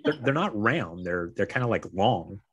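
Low husky man hosting a wine tasting. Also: sing-song. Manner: halting, repeats words, laughs often. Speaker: host of a virtual wine tasting. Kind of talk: casual chat on a video call.

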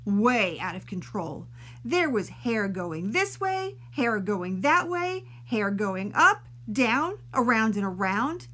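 A woman librarian reading a silly bedtime story aloud to children, playful and expressive, stretching out her words. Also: a little high, slow.

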